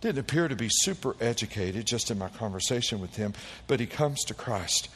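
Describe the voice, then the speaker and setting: A man preaching a sermon, calling out to the congregation and swinging between quiet low passages and loud high bursts. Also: brisk, big-room sound, a little hiss or hum. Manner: animated preaching with call-and-response. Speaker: pastor.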